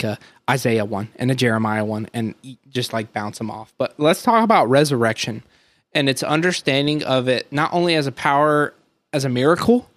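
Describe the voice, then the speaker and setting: A man co-hosting a podcast, explaining Scripture in casual, earnest talk with slow, stressed words. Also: medium pitch, dry recording. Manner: earnest, thinking aloud with many "like"s and slow emphatic stresses. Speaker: podcast co-host. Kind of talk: casual Bible teaching chat.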